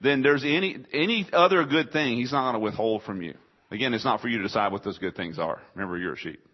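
A man's voice: medium pitch, fast talker, lo-fi sound. Man preaching a conversational sermon. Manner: conversational preaching, rhetorical questions, voices listeners' objections. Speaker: pastor.

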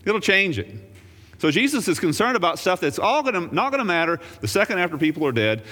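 A man preaching a sermon as pastor, swinging between loud raised emphasis and quiet low asides, with wry joking remarks. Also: sing-song, quick pace, big-room sound.

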